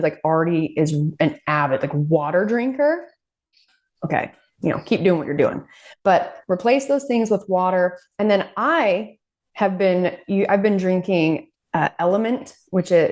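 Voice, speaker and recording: A woman co-hosting a casual podcast, telling stories with lively quoted voices and frequent laughter. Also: fairly low pitch, measured pace. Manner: animated storytelling, acting out quoted voices and laughing. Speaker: podcast co-host. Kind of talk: casual chat.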